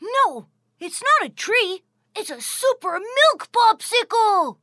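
A woman's voice: very high voice, very animated, slow, sharp tone, no echo, clean studio sound, heavily acted. A woman voicing a small, proud talking ice cream superhero in a children's audio story, chirpy and dramatic. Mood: excited.

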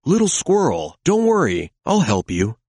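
A man voicing a calm, kindly male elephant firefighter in a children's storybook, reassuring and patient. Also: a little high, normal speed, husky, dry recording, clean studio sound, exaggerated voice.

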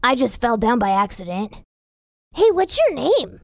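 A high, gravelly little fire elf boy, as a woman plays him in a children's audio story, proud and sure of himself. His lines come slow and lively in pitch, recorded close and dry. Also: dry recording, heavily acted. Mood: confident. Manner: confident, a bit boastful. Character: cocky small male fire elf, wise and proud.

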